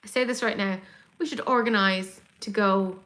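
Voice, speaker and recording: Bright-voiced excitable Irish woman. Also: medium pitch, normal speed. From Ireland. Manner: excitable, chatty, swears, gasps. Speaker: beauty livestream host. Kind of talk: casual chat reading live comments.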